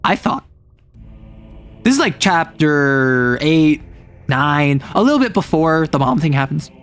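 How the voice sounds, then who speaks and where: Male streamer, casual chat, animated and rambling, slightly high voice. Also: measured pace, faint music behind. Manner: animated, rambling, many fillers.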